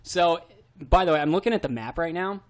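An easygoing man co-hosts a casual podcast, trading jokes with a relaxed delivery. His voice is a touch high, and he sometimes stammers over a word. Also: a little fast. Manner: easygoing, joking, a few stammers. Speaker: podcast co-host.

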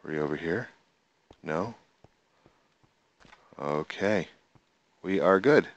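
A man's voice: sits low, animated, slow pace, highs cut off. A man giving casual commentary on his own gameplay, chatting to himself, counting aloud and talking to the animals on screen. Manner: talks to the in-game animals. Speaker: gameplay video host.

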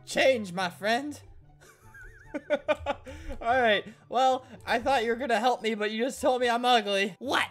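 A man's voice: very high voice, a little slow, a bit bright, soft background music. A man giving joking gameplay commentary, playing at being sad and sarcastic and often breaking into laughter. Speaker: gaming commentator.

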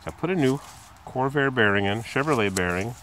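Speaking fairly quickly in an animated, somewhat bright voice, a man chats his way through fixing his car outdoors in a driveway. He films on a handheld phone, the recording carries a little hiss or hum, and he mimics squeaks in a high voice as part of his rambling hands-on talk.

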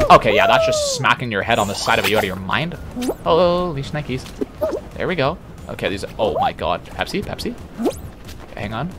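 A man streaming a platform game, talking casually in an excitable, boastful way with sudden yelps. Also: mid-range voice, a little fast, pauses often, over loud music. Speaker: livestreamer. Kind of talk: casual gaming commentary.

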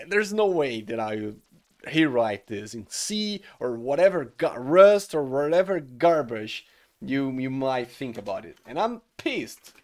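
A man, a solo game engine developer, ranting in exasperation about his code, swearing and bursting out loudly. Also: a little high, big pitch swings, slow. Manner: exasperated and swearing, loud outbursts. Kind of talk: frustrated coding rant.

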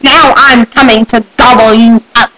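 A woman's voice: a little high, steady tone, normal speed, fairly bright tone, a little hiss or hum, close to an everyday voice, rough recording. A woman voicing a greedy male troll under a bridge, roaring out threats in close to her own voice. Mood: menacing.

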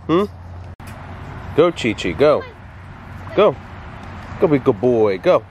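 A lower-voiced man records a casual vlog outdoors at a dog park and teases his dog playfully. He talks into a handheld camera, with music playing behind him. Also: animated, moderate pace, pauses often. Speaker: vlogger.

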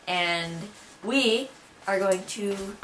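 A woman's voice: medium pitch, very slow, a bit bright, slight background noise. A woman from Buffalo with a Buffalo accent, chatting casually and giggling often as she shows off regional words. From Buffalo, New York. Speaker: vlogger. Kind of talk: casual chat. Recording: roomy echo, mic far off.

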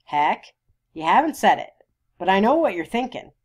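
A woman's voice: medium pitch, sing-song, moderate pace, slightly rough, voice pushed up. A woman reading the part of a principled small-town lawyer and father, earnest, firm and courteous.

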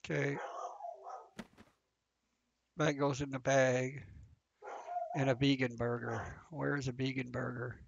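A man's voice: mid-range voice, level tone, takes it slowly, vocal fry, long pauses, breathy edge. A man giving casual, flustered commentary while playing a game, thinking aloud as he goes. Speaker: gameplay commentator. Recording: dull, lo-fi, dry sound.

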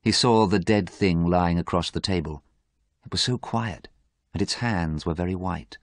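Deep-voiced male storyteller. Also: no echo, clean studio sound. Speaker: narrator. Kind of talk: scripted narration of a graded story.

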